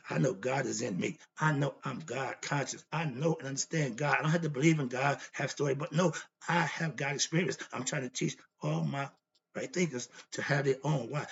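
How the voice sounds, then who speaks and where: A gravelly man's voice at medium pitch and moderate pace comes through dull audio. He hosts a philosophy monologue, giving a preachy, blunt lecture on self-knowledge that loops repetitively through rhetorical questions he answers himself, sounding annoyed.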